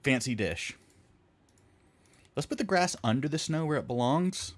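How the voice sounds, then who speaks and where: A man's voice: fairly high pitch, lively intonation, measured pace. A man streaming his game-modding work, chatting casually and joking with viewers while he edits textures. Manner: rambling, joking, talks to chat while editing. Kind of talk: casual live-stream chat while working.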